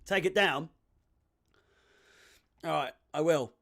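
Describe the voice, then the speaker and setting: A young man hosting a live football watch-along, chatting with viewers and getting excitable at chances. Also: high voice, moderate pace. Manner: excitable, shouts and laughs at chances. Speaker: fan watch-along host.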